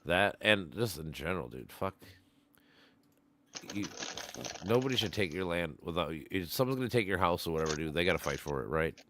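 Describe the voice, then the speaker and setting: A man's voice: sits low, lively intonation, brisk, background noise. A man hosting a casual stream, talking bluntly with lots of swearing and laughing. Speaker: stream host. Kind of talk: casual profane chat.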